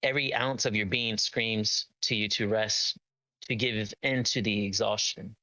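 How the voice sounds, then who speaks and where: Man, game master, slow unhurried narration, dry close sound, halting with fillers. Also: lowish voice, pushed and bright, no room sound, low-quality recording. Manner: hesitant, many ums and uhs, laughing often.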